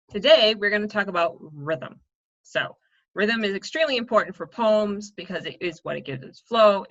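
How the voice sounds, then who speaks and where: Bright-voiced woman writing coach. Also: medium pitch, highs cut off. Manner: chatty, upbeat teacher explaining step by step. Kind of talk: online writing lesson for kids.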